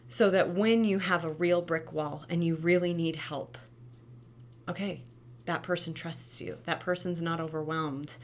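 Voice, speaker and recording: A woman who used to teach preschool, giving casual parenting advice in a lively, conversational way and often asking "right?". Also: a little hiss or hum. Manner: animated, acts out quoted kids and parents with big pitch jumps.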